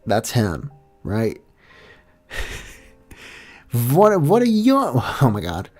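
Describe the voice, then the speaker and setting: A man reads fan fiction aloud on a casual live stream, laughing off his own slip-ups. His delivery is slow and lively in pitch, and his tone is mellow. Faint music plays underneath. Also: husky.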